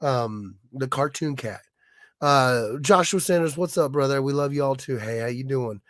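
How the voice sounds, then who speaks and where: A man with a hoarse, raspy voice from being sick, chatting casually on his livestream and stumbling over restarts. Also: medium pitch, dry recording, clean studio sound. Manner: halting, many restarts and fillers. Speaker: livestream host, illustrator.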